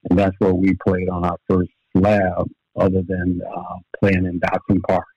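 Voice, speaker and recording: A man's voice: deep voice, monotone, no room sound. An older man, a former basketball player and coach, telling stories in a podcast interview with frequent fillers and restarts. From Louisiana. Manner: unhurried storytelling with many fillers and restarts. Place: home office. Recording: dull lo-fi dry remote audio.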